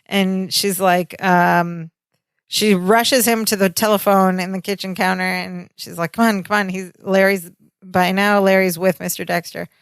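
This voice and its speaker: A woman's voice: mid-range voice, fairly even intonation, measured pace, creaky, clear, resonant tone, dry recording. A woman co-hosting a podcast, recounting scenes in a chatty way with fillers and quoted lines. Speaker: podcast co-host. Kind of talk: casual chat recapping a sitcom episode.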